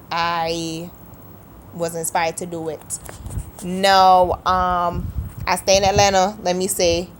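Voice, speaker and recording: A woman's voice: fairly low pitch, slight background noise. A woman from Saint Kitts with a Kittitian accent, chatting casually to the camera in an accent tag video. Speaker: vlogger.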